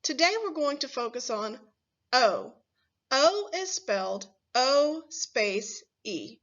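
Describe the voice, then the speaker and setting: A first grade teacher gives young children a phonics lesson, slowly and carefully sounding out each word and posing questions to the class. Her voice is bright, a little high, and lively in intonation, though the recording is dull and lo-fi.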